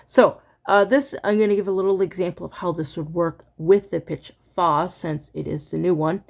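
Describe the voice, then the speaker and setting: A woman teaching a music braille lesson in a relaxed, casual way, hesitant with many fillers and laughing at her own slips, reciting note names and dot numbers to a metronome. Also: lowish voice, normal speed, creaky. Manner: recites counts in time with a metronome.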